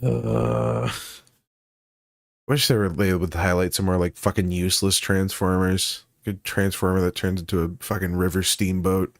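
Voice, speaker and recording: A man's voice: sits low, steady tone, normal speed, creaky, no room sound, clean studio sound. A man co-hosting a casual reaction chat, joking and sarcastic, swearing freely. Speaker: co-host reacting to a trailer.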